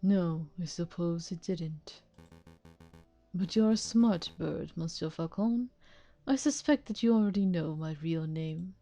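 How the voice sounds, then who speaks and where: A woman voicing a smooth, mysterious male fox con man who speaks in a suave, evasive, theatrical way. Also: lowish voice, a little slow, warm tone, highs cut off, faint music behind.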